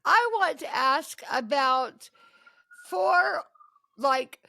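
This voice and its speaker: Bright high-voiced enthusiastic woman host. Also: animated, very slow, vocal fry, dry recording, poor audio. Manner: effusive and enthusiastic, gushing praise. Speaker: podcast host. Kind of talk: podcast interview.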